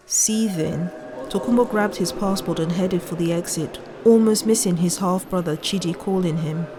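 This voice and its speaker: A woman narrating a short story in an even, measured manner. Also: lowish voice, background noise. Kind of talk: reading a short story aloud.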